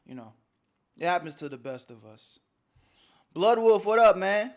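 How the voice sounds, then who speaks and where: A young man hosting a casual livestream, bantering loosely with his chat and swinging between loud calls and mumbled asides. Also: sits high, expressive, unhurried. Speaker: streamer.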